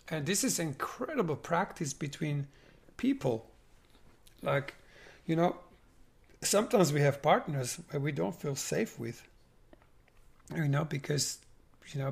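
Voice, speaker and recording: A man working as a spiritual coach, guiding a participant and teaching with animated talk that acts out couples' dialogue. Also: on the high side, gravelly.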